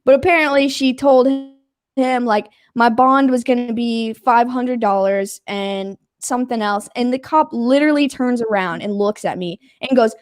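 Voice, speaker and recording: A woman's voice: high voice, normal speed, dry recording, clean studio sound. A young adult woman casually telling a story, acting out what people said, laughing and swearing as she goes. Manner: animated, acts out quotes, laughs, swears casually.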